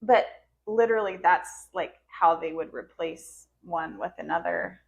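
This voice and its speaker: A woman's voice: fairly low pitch, a little slow, vocal fry, dull audio. A woman podcast host telling an emotional personal story in casual conversation, her voice rising and cracking into tearful laughter as she relives moments.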